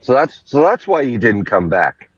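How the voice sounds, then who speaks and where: Lively man on a dull, lo-fi call. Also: mid-range voice, moderate pace, husky. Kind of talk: casual chat.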